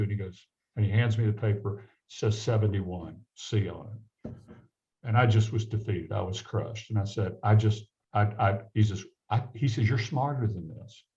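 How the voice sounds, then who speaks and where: A Southern American man, appearing as a guest physician, tells a personal story in conversation, performing the voices of the people involved. His voice is lowish and mellow, and the audio is dull.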